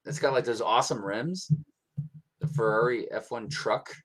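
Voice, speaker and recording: A man's voice: mid-range voice, normal speed. An American man co-hosting a livestream, chatting casually and rambling with lots of ums. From United States. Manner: relaxed, rambling with many ums. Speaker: livestream co-host. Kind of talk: casual chat.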